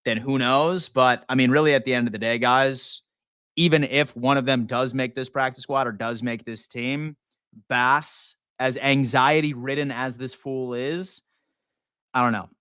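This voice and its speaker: Young male stream host from Western New York, bright, clear voice, dry close sound, loose and profane, hyped. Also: medium pitch, fairly even intonation, unhurried, no echo. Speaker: sports live stream host. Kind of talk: casual live stream chat.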